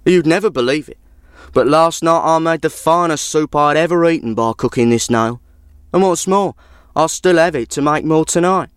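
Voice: mid-range voice, moderate pace, clean tone, dry recording, clean studio sound, pitched above the performer's own voice, close to an everyday voice. A storyteller voicing a hungry, crafty traveller who coaxes an old woman with a tall tale. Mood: coaxing. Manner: coaxing, persuasive. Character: hungry, crafty wandering man.

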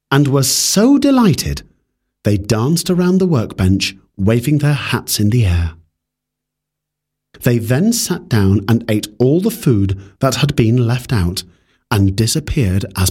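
A man reading a fairy tale aloud in a calm, measured way. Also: mid-range voice, husky. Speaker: storyteller.

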